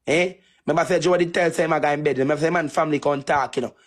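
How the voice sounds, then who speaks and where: Jamaican guy going off on a live stream, kinda high voice, taunting and repeating himself. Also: steady tone, very fast. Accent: Jamaican Patois. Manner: repetitive, taunting, heated. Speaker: TikTok streamer. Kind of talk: angry insult rant on a live stream.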